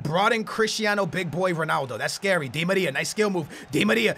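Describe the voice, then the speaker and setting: A young man giving excited commentary over his own soccer video game match, yelling at goals and humming between plays. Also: high voice, fairly quick, creaky, few pauses. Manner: hyped, yelling at goals, playful banter; hums and sings snatches between plays. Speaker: gaming YouTuber.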